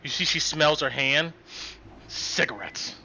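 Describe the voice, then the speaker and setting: Slow, bright-voiced male game master. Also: a little high, expressive, lo-fi sound, a little hiss or hum. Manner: halting, hesitant narration with fillers and restarts. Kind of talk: narrating a tabletop game online.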